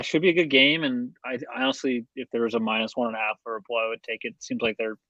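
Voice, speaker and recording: A man's voice: medium pitch, no echo. A man co-hosts a betting podcast in a loose, rambling way, with plenty of "um"s and restarts. His voice sits in a middle range. It comes through a slightly muffled mic in a dry, dead room. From Seattle area. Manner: rambling, many fillers and restarts. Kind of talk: casual chat.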